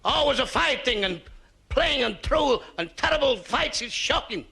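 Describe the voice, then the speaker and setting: A man's voice: extremely high pitch, lively intonation, normal speed, vocal fry, bright, forceful tone, husky, voice pushed up, exaggerated voice. A man voicing a fussing, exasperated middle-aged Italian mother in a stand-up joke. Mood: scolding. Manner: scolding, exasperated.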